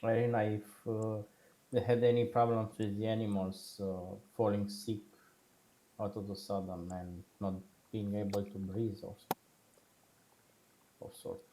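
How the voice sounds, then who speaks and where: A man's voice: fairly low pitch, little pitch movement, measured pace, pauses often, mellow, a little hiss or hum, rough recording. A man playing a tabletop game, describing his character's actions plainly and searching for words as he goes. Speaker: player.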